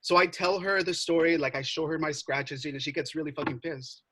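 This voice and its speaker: A young man telling a story in casual chat, animated, swearing and full of filler words. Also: a little high, brisk, rough recording. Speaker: podcast co-host.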